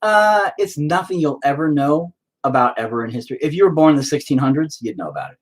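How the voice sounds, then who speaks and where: A middle-aged man talks casually while he paints, drifting into exasperated, swear-filled rants. His voice is husky, and his pitch swings up and down in a lively way as he complains. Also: fast talker. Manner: profane exasperated ranting. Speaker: painting video host.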